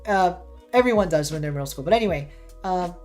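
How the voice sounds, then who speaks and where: A woman's voice: on the low side, expressive, quick pace, darkish tone, soft background music. An American woman streamer chatting casually with viewers while playing and reacting to the match. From United States. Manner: chatty, reacting to gameplay and chat. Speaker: streamer and caster.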